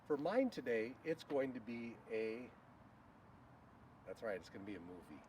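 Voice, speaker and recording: A man leading a children's Bible school, teaching a game slowly and leading shouted call-and-response lines. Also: mid-range voice. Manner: slow, animated, leads shouted call-and-response. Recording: distant mic with faint noise.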